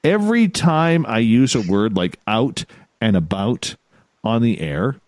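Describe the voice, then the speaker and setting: A man's voice: mid-range voice, measured pace, no echo. Canadian man hosting a radio show. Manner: lively, joking announcer patter. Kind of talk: live radio talk.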